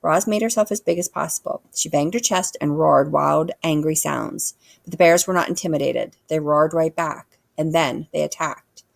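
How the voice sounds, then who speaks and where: Gravelly low-voiced woman reading a storybook. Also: no echo. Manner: expressive storytelling. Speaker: reader. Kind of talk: children's book read-aloud.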